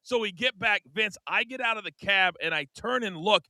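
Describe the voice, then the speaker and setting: A middle-aged American man co-hosting a podcast, telling a story in a casual, animated way and acting out the quoted lines. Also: high voice, normal speed, dry recording. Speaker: podcast co-host.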